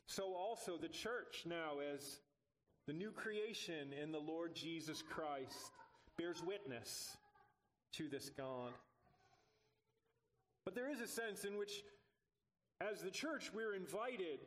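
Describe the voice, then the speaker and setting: A man delivers a sermon as a pastor, his voice sitting a little higher than most men's. He talks earnestly and with a light, self-deprecating humor. He rises with emphasis on the lines that matter most. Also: expressive, takes it slowly, long pauses.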